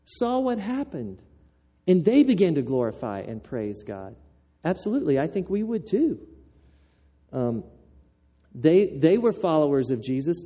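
A pastor with a fairly high voice preaches a sermon, telling the story in a conversational, animated way. The recording is dull and lo-fi.

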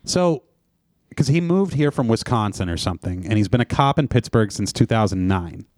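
A man's voice: on the low side, normal speed, no room sound, clean studio sound. A man co-hosting a casual podcast, telling stories with lots of swearing and acting out what people said. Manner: animated storytelling, profane, acts out quotes. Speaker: podcast co-host.

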